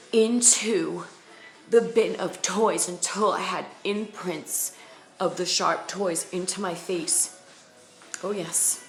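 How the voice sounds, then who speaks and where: Blunt New woman vlogger, low gravelly voice, emphatic and repetitive, echoey room with faint music. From the Bronx, New York. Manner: emphatic and blunt, repeating phrases for weight. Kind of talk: candid personal storytelling to camera.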